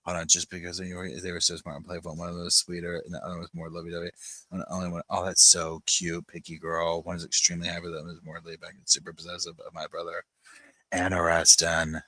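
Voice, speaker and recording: A man's voice: low voice, completely flat delivery, fast talker, sharp tone, dry recording. A man hosting a casual live-stream chat from home, greeting viewers by name and rambling along with plenty of "like" fillers. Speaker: podcast host. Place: home, on a sofa with dogs nearby.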